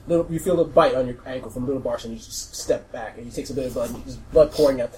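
A man narrating as game master in a tabletop game, animated, rephrasing as he goes and laughing often. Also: medium pitch, fast talker, low-quality recording.

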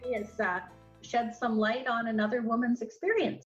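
A woman's voice: on the high side, fairly even intonation, moderate pace, faint music behind. A middle-aged woman, a podcast guest telling her story in an earnest, rambling way with many restarts. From Canada. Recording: dull lo-fi sound.

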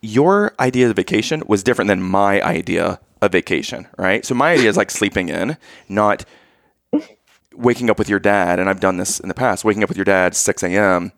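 A man in his thirties telling a family vacation story in casual chat, animated and acting out the voices of the people in it. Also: on the low side, fairly quick, dry recording, clean studio sound.

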